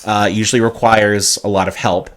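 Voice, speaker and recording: A man's voice: fairly low pitch, level tone, normal speed, a bit bright. A man co-hosting a casual podcast, explaining things at length with hyperbole, cursing and many "uh"s. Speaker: podcast co-host.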